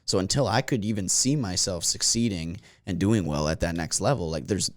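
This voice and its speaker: Low-voiced Minnesotan man chatting. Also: fairly quick, no echo, studio quality. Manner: animated storyteller, laughs often. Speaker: podcast guest. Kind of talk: casual chat.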